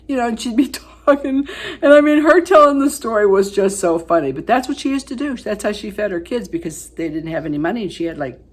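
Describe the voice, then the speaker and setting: A woman in her seventies chats her way through a makeup tutorial in a mid-pitched, everyday voice. She rambles with fillers, drifts into long family stories, and drops to quiet asides while she applies color. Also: animated, fast talker, hardly any pauses, slightly rough. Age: 70s. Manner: chatty storyteller, rambling with fillers, dropping to soft asides while applying makeup. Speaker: beauty vlogger. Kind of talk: casual makeup tutorial chat.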